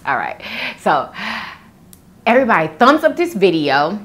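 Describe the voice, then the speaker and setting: A woman's voice: lowish voice, sing-song, normal speed, fairly bright tone. A woman, chatting casually as a vlogger, reading viewer comments aloud and laughing often.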